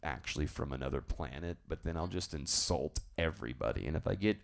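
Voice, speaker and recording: A man hosting a live stream, chatting casually and telling rambling, animated stories. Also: rumbling low, brisk, creaky. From southern United States. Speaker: live-stream show host.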